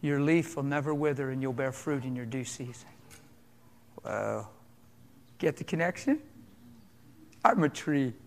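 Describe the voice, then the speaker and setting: A man preaching a sermon in a church, impassioned, asking rhetorical questions and swinging between loud and hushed delivery. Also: on the high side, normal speed.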